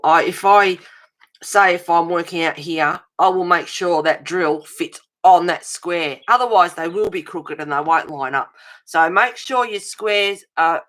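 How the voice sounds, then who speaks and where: Middle-aged woman, deep voice, chatty home livestream host, talks with viewers by name over a webcam, fussy about detail. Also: fairly bright tone. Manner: chatty, answers viewers' comments with endearments; self-described fussy and pedantic. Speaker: livestream host of a colouring channel. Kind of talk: casual livestream chat. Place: home, at a table.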